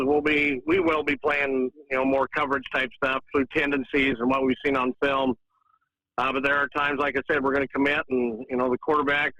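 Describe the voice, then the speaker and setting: Bright-voiced football coach on radio. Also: male voice, mid-range voice, dry recording, dull audio. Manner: relaxed, talks through game plans with many fillers. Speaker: high school football coach. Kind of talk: radio interview.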